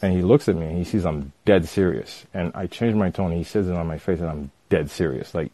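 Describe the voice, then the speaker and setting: A man casually telling a personal story with animated retelling and lots of fillers. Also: low-pitched, brisk, few pauses, no room sound.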